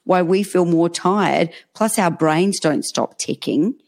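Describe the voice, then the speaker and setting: A woman's voice: on the low side, slow, a little mellow. A woman with an Australian accent co-hosting a podcast, playful, blunt and egging her guest on. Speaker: podcast co-host. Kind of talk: casual podcast chat.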